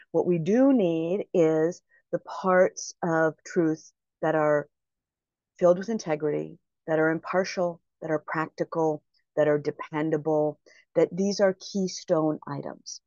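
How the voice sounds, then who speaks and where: A woman giving a motivational talk, speaking slowly and deliberately and repeating phrases for emphasis. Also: on the low side, a little mellow, no room sound. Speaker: prosperity mindset speaker. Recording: dry, slightly muffled recording.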